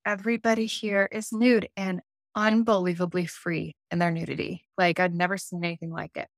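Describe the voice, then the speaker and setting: A woman, an intuitive life coach, telling a story in a casual podcast interview, animated and acting out her own inner voices, laughing often. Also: on the low side, no echo, studio quality.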